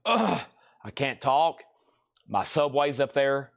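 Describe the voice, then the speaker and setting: A man in his record store runs a live-stream sale, calling out titles and prices in a quick sales patter. His voice sits in a plain middle range and sounds tired and worn from hours of talking. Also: medium pitch. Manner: rapid auction-style calling of items and prices, chatty asides.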